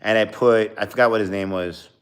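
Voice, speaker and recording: A young man chats casually, spinning a long anecdote and slipping into quoted dialogue as he goes. His voice sits low and sounds clean and smooth. He leans on fillers and restarts as he talks. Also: fairly even intonation, brisk. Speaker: streamer. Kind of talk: casual storytelling.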